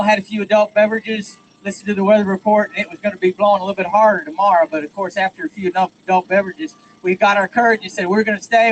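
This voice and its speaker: A man with a Texan drawl, spinning a homespun yarn from a rally stage. His voice sits high for a man, with a faint hum of background noise. He tells it folksy and joking, like an old storyteller. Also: a bit bright, rough recording. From Texas. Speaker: rally speaker.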